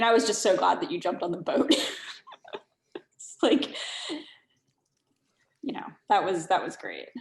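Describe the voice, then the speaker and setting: A woman gushing over her fellow players after a tabletop game, halting often with fillers. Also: fairly low pitch, echoey room, a little hiss or hum. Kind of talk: casual post-game feedback.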